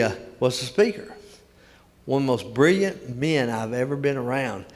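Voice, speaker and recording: An older man preaching a sermon in a church, telling stories in a folksy way and repeating key words for emphasis. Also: medium pitch. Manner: folksy storytelling, emphatic repetition. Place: church sanctuary. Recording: long reverb of a church hall.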